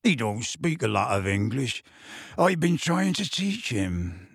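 A man voicing a huge, gentle half-giant man who is anxious and close to tears, speaking in hushed, earnest tones with rustic grammar. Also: mid-range voice, sing-song, a little slow, creaky, slightly rough, no room sound, pitched below the performer's own voice, exaggerated voice.

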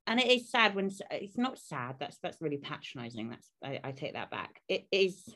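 Low-voiced woman fitness coach. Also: sing-song, moderate pace, pushed and bright. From United Kingdom. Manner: earnest, many "um" restarts. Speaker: podcast co-host, fitness coach. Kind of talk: casual podcast chat.

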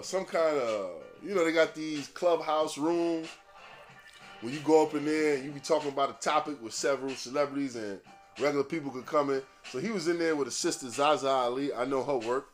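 A man hosting a podcast in a casual, rambling monologue, swearing freely and laughing at his own jokes. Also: medium pitch. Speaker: podcast host.

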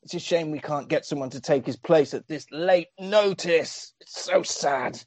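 A man's voice: on the high side, normal speed, darkish tone, no echo, natural voice. A strict hockey coach barks orders and threats in a raised voice, as a man puts him on. He sounds bossy and clipped. The voice is dry and close. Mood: stern. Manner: barking orders.

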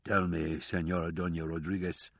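A man's voice: low voice, level tone, normal speed, gravelly, dry recording, pitched below the performer's own voice. A man voicing an aging, deluded male knight who speaks in archaic, ceremonious phrases. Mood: stately.

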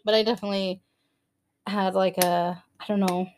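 A woman's voice: medium pitch, little pitch movement, moderate pace, darkish tone, slight background noise. A woman in her thirties co-hosting a podcast, telling a story in casual chat with lots of laughter and acted-out quotes. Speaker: podcast co-host.

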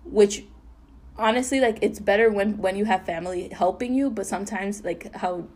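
A young woman co-hosting a podcast, telling a painful personal story in an earnest, halting way full of fillers and restarts. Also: mid-range voice, darkish tone. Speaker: podcast co-host.

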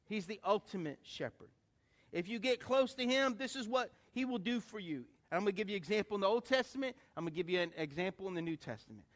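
A middle-aged male pastor preaching a sermon in an animated way, calling for responses from the congregation. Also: sits high, fast talker. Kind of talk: sermon with anecdote.

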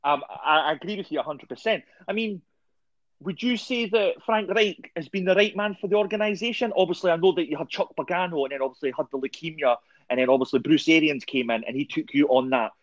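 Man, podcast host, rambling chat, fairly high voice, dull dry lo-fi sound. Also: quick pace, dry recording. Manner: rambling, lots of "I mean" and "um". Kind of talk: casual sports podcast chat.

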